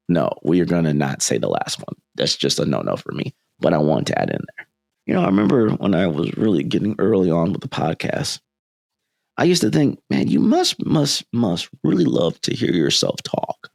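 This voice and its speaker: Deep, gravelly-voiced man hosting a podcast. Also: no room sound. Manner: animated, shifts between fast and slow, emphatic lists. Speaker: podcast host. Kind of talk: solo podcast monologue.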